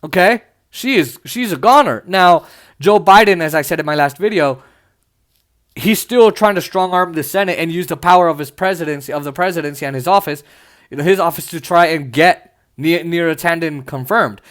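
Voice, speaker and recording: A man's voice: fairly high pitch, moderate pace, fairly bright tone. A young man in a casual, sarcastic political rant, mocking and full of filler words. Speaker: political commentator.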